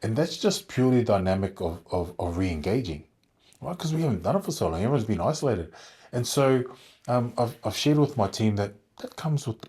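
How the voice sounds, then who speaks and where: Husky low-voiced New man. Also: expressive, brisk, warm tone. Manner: thoughtful, rambling with many fillers and restarts. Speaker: guest, contact centre leader. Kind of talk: conversational podcast interview.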